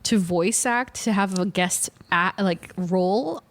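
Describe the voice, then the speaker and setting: A woman in her forties co-hosting a casual podcast chat, telling stories animatedly and correcting herself as she goes. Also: medium pitch. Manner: animated storyteller, quick self-corrections. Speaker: podcast co-host.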